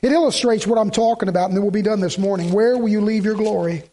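A man's voice: high-pitched, fast, warm tone. A male pastor preaching a sermon and reading scripture aloud, building to emphatic, repeated lines. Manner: preaching with rising emphatic repetition.

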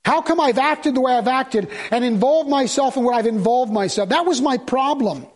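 A preacher with a strikingly high male voice delivers a sermon. He reads scripture in slow, measured phrases. Then he presses his points with rising, insistent emphasis.

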